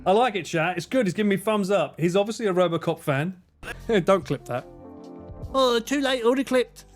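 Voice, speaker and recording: A man's voice: sits high, brisk. A man streaming a game live, joking with chat, swearing and laughing often. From United Kingdom. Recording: game music loud behind. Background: game music.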